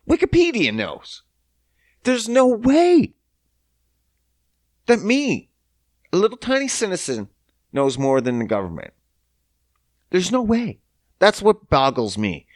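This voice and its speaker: Ranting into a podcast mic, a Canadian host sounds casual, profane, incredulous and sarcastic. His voice is medium-pitched, and the recording is dry and studio quality.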